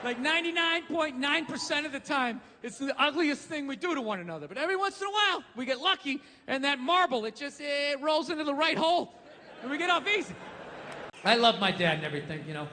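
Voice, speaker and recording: A middle-aged male stand-up comedian ranting profanely and rapid-fire on a live theater stage, into a handheld mic. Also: very high voice, big pitch swings, pushed and bright, big-room sound, a little hiss or hum.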